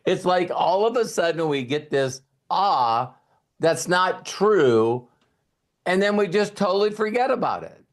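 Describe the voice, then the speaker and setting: Speaking into a webcam, a male host runs a casual live talk in an unhurried, high voice. He rambles animatedly, filling gaps with fillers and frequent laughs.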